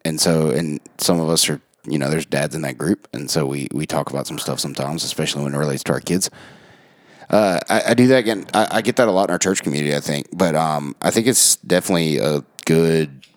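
A man co-hosting a podcast, agreeable and thinking out loud in casual chat. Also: very deep voice, fast, no echo, studio quality. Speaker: podcast co-host.

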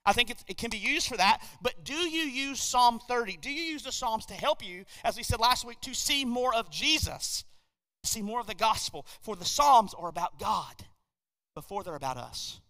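A man preaching a sermon as a pastor, swelling loud on key words and dropping low between them. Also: expressive, normal speed. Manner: preaching with sudden swells and drops in volume. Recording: long hall reverb.

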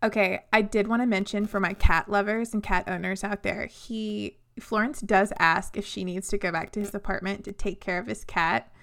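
Young woman, podcast co-host, mid-pitched gravelly voice, upbeat casual chat. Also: steady tone, moderate pace, few pauses, a bit bright. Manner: enthusiastic, laughs easily, chatty. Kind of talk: casual book discussion.

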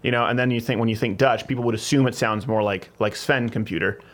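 A man hosting a podcast, bantering quickly and cracking jokes with his guest. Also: medium pitch, steady tone, a bit bright. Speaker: podcast host. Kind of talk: casual chat.

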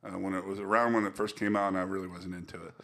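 A young man co-hosting a casual podcast chat, rambling and trailing off softly at the ends of thoughts. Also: low-pitched, little pitch movement, very fast. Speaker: podcast co-host.

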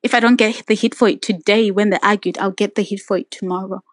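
Woman co-host, earnest personal storyteller, mid pitch, close dry mic. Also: fairly even intonation, fast, no echo. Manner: earnest, reflective, quotes others in dialogue. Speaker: podcast co-host sharing her story. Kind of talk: casual conversational storytelling.

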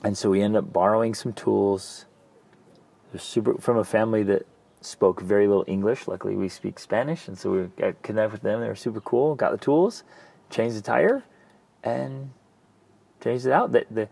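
A middle-aged man, co-host of a parenting talk show, telling a personal story in a casual, animated way, acting out his own past thoughts. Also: lowish voice, moderate pace, gravelly, breathy edge. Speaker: podcast co-host.

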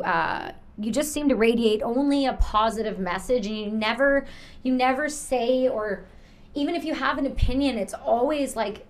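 Rambly canadian-raised woman host, a bit high, lots of likes and ums. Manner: chatty and rambling, many fillers. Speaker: podcast host. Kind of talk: casual interview chat.

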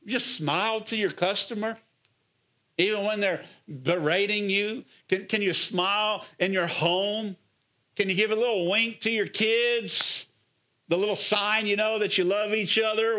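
Sitting high in pitch and unhurried, a middle-aged man who is a pastor delivers an energetic, coaxing sermon. It's packed with rhetorical questions and cries of "come on."

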